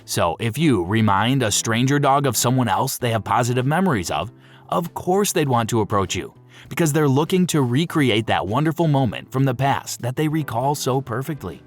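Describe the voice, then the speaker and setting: A man giving playful, lively scripted narration for an explainer video. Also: medium pitch, moderate pace, soft background music.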